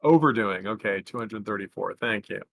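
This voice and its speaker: Bright-voiced man at a game table. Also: fairly low pitch, normal speed, vocal fry, no room sound. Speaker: player. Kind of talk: casual tabletop play.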